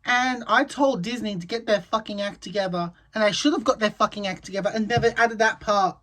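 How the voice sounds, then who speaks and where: A woman's voice: medium pitch, brisk, a bit bright. A woman vlogger giving an angry, profane commentary rant. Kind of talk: ranting commentary.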